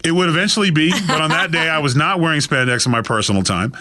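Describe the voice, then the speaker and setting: A man spins an animated story as a podcast guest, jumping into the voices of the people he quotes. His tone is bright and forceful. The sound is dry and close. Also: fast, no echo. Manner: acts out quoted voices with big pitch jumps. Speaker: guest, author.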